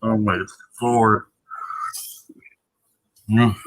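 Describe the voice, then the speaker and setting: A podcast co-host in casual chat, laid-back and quick to laugh. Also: medium pitch, steady tone.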